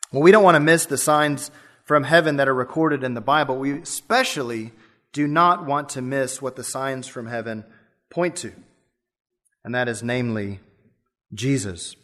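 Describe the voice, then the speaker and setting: A man's voice: on the high side, fairly bright tone. A male pastor preaching a sermon, telling a story and explaining it step by step.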